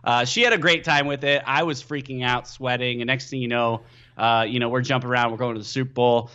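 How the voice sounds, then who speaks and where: A young man, a pro football player guesting on a podcast, telling stories excitably and leaning on "you know.". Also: mid-range voice, a little fast, clean tone, dull audio. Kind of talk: casual podcast chat.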